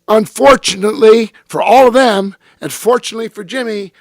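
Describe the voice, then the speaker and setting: Interview guest: a man with a raspy, fairly high voice, salty and lively, acting out quotes as he tells the story, close dry sound. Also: a little fast, no echo. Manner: profane, animated storyteller who acts out quotes.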